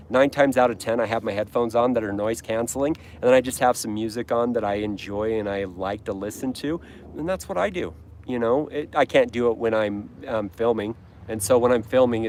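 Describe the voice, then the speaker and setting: Male lawn care streamer from Utah, lowish voice, casual rambling chat with viewers, self-correcting and playful. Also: darkish tone, slight background noise. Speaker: lawn care livestream host. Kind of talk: casual livestream chat reading comments.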